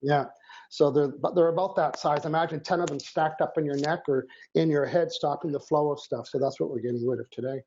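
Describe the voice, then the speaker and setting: Chatty man with a gravelly voice. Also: on the high side, steady tone, fairly quick, a little mellow. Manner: chatty, joking, reads out viewer names. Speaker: co-host. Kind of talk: live-stream show chat. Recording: dull lo-fi stream audio.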